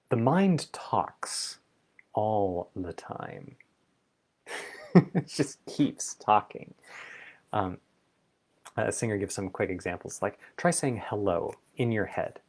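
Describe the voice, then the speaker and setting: A man hosting a reflective solo talk, thinking aloud in an exploratory, playful way. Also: fairly low pitch. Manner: thoughtful, exploratory, playful asides. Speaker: vlog host.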